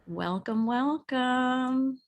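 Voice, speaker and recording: A woman hosting a video call, warmly greeting attendees by name in a bubbly way. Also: high voice, very slow. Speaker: webinar host. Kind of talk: welcoming a video call audience.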